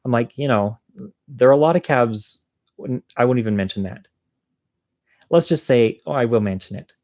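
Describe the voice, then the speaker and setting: A man's voice: medium pitch, moderate pace, a little mellow, no room sound, clean studio sound. A man telling a personal story to viewers over a livestream, candid and chatty, poking fun at himself and laughing at his own jokes. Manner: candid, self-mocking humor.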